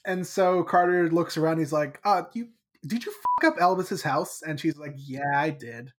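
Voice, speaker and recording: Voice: medium pitch, animated, normal speed. A podcast host casually recapping a book chapter in a chatty, playful way.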